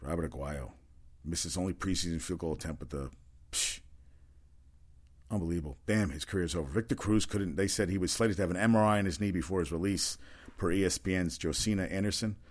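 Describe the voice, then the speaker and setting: A man's voice: low-pitched, a little fast. A man giving a casual, rambling solo rundown of sports news, opinionated and full of fillers and restarts. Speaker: sports talk host.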